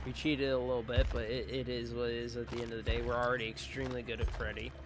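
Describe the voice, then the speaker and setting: A man's voice: medium pitch, level tone, quick pace, very noisy. Tired, rambling young-sounding man. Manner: rambling, chatty, self-joking. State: sleepy, tired. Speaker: gaming channel host. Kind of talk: casual video outro chat.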